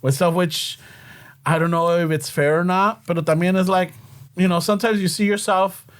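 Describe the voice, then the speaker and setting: Man, high voice, profane, casual podcast chat. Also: steady tone, normal speed, smooth. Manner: profane, mixes Spanish into English.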